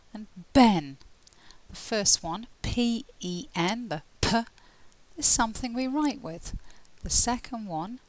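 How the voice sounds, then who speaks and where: A woman with an English accent giving a pronunciation lesson, speaking in a clear, deliberate teaching manner and slowing down to spell out examples. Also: medium pitch, dry recording, low-quality recording. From England. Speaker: IELTS tutor.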